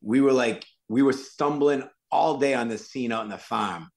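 Gravelly-voiced man telling stories. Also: mid-range voice, moderate pace. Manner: animated anecdotes, acts out other people's lines. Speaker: actor and stuntman guest. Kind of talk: casual podcast storytelling.

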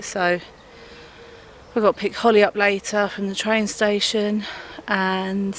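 A woman vlogging while walking her dog outdoors, talking to her phone camera in a chatty, rambling way. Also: a little hiss or hum. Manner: chatty, rambling, talks to her dog in a high sing-song voice. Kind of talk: casual chat to camera.

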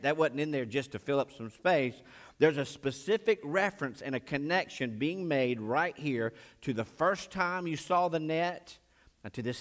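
A male pastor preaching a sermon in a voice of ordinary pitch. He retells a scripture story with strong swings, climbing high and loud, then dropping soft and low. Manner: expressive preaching, voice rising and dropping sharply while retelling scripture; married.

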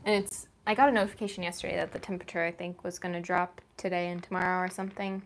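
A young woman co-hosts a relaxed live stream, chatting easily with the host. She rambles a little and loops back to restart her thoughts. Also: on the low side, very fast, a little hiss or hum. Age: young adult. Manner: easygoing, rambling, many fillers and restarts. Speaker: co-host and chat moderator. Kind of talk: casual chat. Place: home art studio, indoors.

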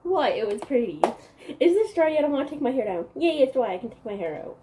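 A woman's voice: high voice, big pitch swings, fast, background noise. A young woman from Newfoundland vlogging in a rambling, giggly casual chat, saying "like" a lot. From Newfoundland, Canada. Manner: chatty, rambling, giggly, heavy use of "like".

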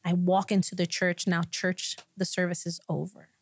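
A woman pastor sharing her personal testimony in a podcast conversation, an animated storyteller who acts out the people in her story and laughs often. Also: fairly low pitch, normal speed, husky, no room sound. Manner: laughs often between lines.

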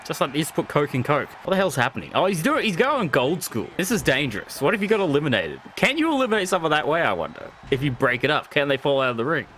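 A man's voice: a little high, quick pace, hardly any pauses, a little hiss or hum. A young man commentating a wrestling video game on stream, joking, swearing and laughing often. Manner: jokey, swears a lot, laughs often, excitable. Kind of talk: casual live-stream commentary.

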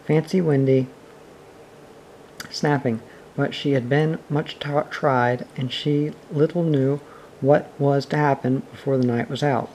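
A man reading a classic children's novel aloud in a steady, expressive storytelling manner. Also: mid-range voice, unhurried, a little hiss or hum, poor audio. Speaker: reader. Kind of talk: audiobook reading.

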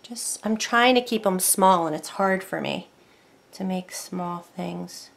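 A woman's voice: lowish voice, slow, vocal fry. A woman teaching decorative painting in a casual tutorial, chatting and thinking aloud as she works at a close mic.

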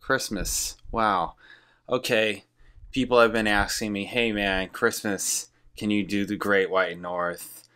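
A man hosting a reaction video, chatting casually to camera, rambling and excitable. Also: fairly low pitch, a little slow, smooth. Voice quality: rambling, excitable, repeats himself.

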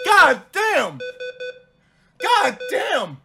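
High, animated, yelling young man streamer. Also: creaky, over music. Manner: loud, yelling, laughing, talking fast to chat. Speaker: game streamer. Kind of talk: excitable let's-play commentary.

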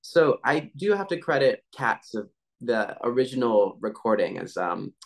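A man's voice: mid-range voice, very animated, normal speed, vocal fry. Laid-back young man telling stories. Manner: laid-back, filler-heavy storytelling. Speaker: voice actor guest. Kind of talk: casual interview chat.

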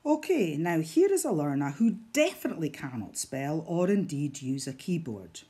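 A woman teacher talks through a tablet demonstration at an unhurried pace. Her voice is slightly low and a touch husky, and its pitch rises and falls freely as she guides each step with patience. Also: sing-song, mellow. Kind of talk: instructional screen demonstration.

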